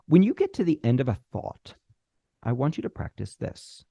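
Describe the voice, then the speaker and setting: A middle-aged man teaches screenwriting in a lively, swooping voice with a gravelly edge. He leans on deliberate pauses and acts out little bits of dialogue. The sound is dry and close. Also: medium pitch, no echo, highs cut off. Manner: animated, uses deliberate pauses and acted-out dialogue. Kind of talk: instructional talk.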